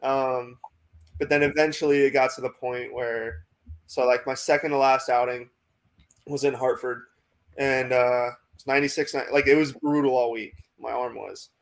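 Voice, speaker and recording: A young man with an American accent, a minor league pitcher telling a long story in a casual interview, full of "like" and "um". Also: steady tone, moderate pace. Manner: rambling, many fillers like "like" and "um".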